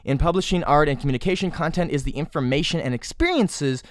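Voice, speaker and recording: A man's voice: on the high side, fast, no echo, studio quality. A man hosting a solo podcast, ranting sarcastically with crude jokes and mock exasperation. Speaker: podcast host.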